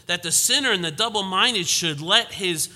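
A man preaching a sermon, swinging from emphatic force to hushed tones and sometimes mocking quoted lines in a lighter voice. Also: high-pitched, normal speed, long reverb tail.

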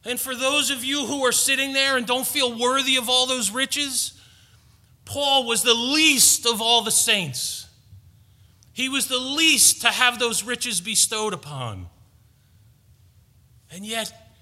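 A man preaching a sermon as pastor, emphatic and animated, with playful asides to the congregation. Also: high voice, long reverb tail.

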